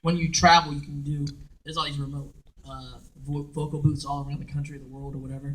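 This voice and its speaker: Animated man telling stories from afar. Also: fairly high pitch, fast talker. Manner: animated, laughing storyteller who acts out quotes. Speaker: voice actor guest on a convention panel. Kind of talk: casual panel storytelling. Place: dim convention panel room. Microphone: recorded from the audience by a camera far from the stage. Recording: distant audience recording.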